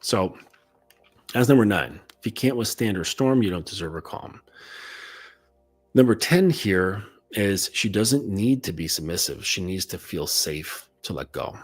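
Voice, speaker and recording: A man's voice: sits low, expressive, a little slow, slightly rough. A man acting as a coach, giving a casual instructional monologue in a loose, conversational way and checking in often with "okay?".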